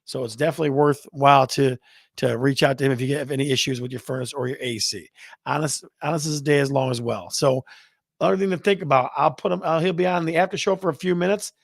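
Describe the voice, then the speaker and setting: Playfully chatting on a real estate livestream, the host reads comments from viewers and counts down contests aloud. He talks fast at medium pitch with fairly even intonation and vocal fry, in a dry, clean studio recording.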